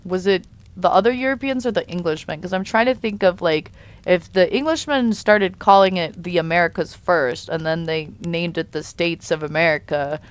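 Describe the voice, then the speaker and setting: A woman's voice: fairly low pitch, normal speed, clean tone. Rambling young woman streamer. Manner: rambling, lots of fillers and restarts. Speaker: live streamer reading chat. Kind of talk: casual live stream chat.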